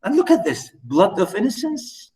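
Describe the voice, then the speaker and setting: A man lecturing on poetry, animated, asking the class rhetorical questions and reading verse aloud slowly. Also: high voice, distant mic, poor audio. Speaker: literature lecturer.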